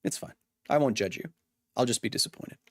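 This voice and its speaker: A man's voice: medium pitch, fairly quick, no echo, studio quality. A man in his thirties live-streaming a game, chatting to his audience in a goofy, self-deprecating way. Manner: goofy, self-deprecating, riffs silly bits. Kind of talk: live gaming stream chat.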